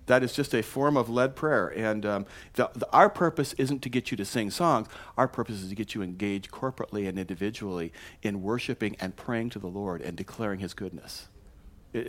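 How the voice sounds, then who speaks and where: A man preaching in a church, speaking in a loose, conversational way. He asks his listeners questions, stumbles and restarts often, and sometimes rises sharply in pitch and loudness when he gets excited. His voice sits at an ordinary middle pitch. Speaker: pastor. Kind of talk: sermon.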